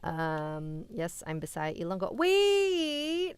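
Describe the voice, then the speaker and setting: A woman's voice: deep voice, animated, measured pace, vocal fry, slight background noise. A young woman hosting a live stream where she reads scary stories and then chats casually with viewers, laughing easily. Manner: casual, chatty and easily amused while answering chat. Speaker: host reading scary stories. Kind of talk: live-stream story reading and chat replies. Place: indoors.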